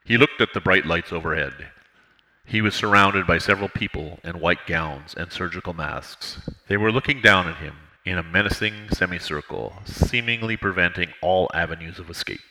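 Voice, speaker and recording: Man, audiobook narrator, very low voice, bright, measured. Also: a little hiss or hum, rough recording. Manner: measured steady reading.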